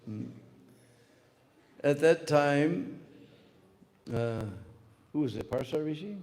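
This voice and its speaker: A man's voice: fairly high pitch, takes it slowly. A man giving a spiritual lecture, telling a story with lots of "uh" fillers. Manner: animated storyteller with many fillers. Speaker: spiritual speaker. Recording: long hall reverb.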